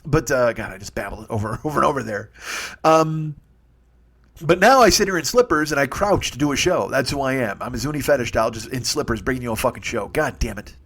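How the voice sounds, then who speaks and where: Brief: forties male comic host, quick, profane, rambling home-podcast monologue. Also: mid-range voice, expressive, fairly bright tone. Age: 40s. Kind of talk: solo comedy monologue. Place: home studio. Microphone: studio mic with earbuds.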